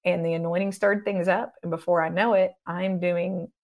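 A middle-aged woman speaks in a calm, earnest teaching tone as a guest in an interview. Her voice sits a little low for a woman. She explains things patiently and now and then slips into the words of a prayer. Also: moderate pace. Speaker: guest minister on deliverance.

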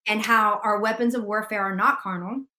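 A woman guest sharing a faith testimony in casual conversation, an animated storyteller who laughs often. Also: medium pitch, normal speed, echoey room.

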